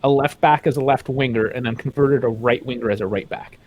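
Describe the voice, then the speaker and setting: Husky-voiced man cutting in with teasing remarks. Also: mid-range voice, a little mellow. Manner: teasing, quick interjections. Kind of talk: casual football podcast chat.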